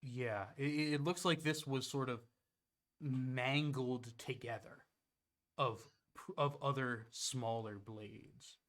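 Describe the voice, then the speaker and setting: A man's voice: mid-range voice, steady tone, slow, fairly bright tone. A man narrating as game master of a tabletop game, casual and hesitant with fillers.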